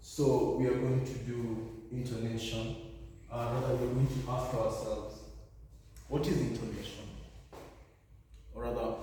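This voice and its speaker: A man's voice: on the low side, warm tone, slight background noise. A man giving a revision lesson, explaining step by step and often correcting himself. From Kenya. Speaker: teacher. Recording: echoey room, far from mic.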